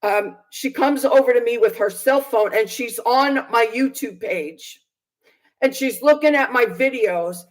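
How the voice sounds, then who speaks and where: A woman who preaches on video tells her own story as a personal testimony, in an earnest, indignant and halting way with many fillers and restarts. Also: on the high side, low-quality recording.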